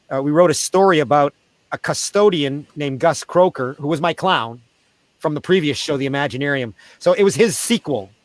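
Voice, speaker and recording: A man, a street theatre performer, telling animated stories in a casual interview over a video call. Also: no room sound. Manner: animated, acts out quoted voices in a high pitch.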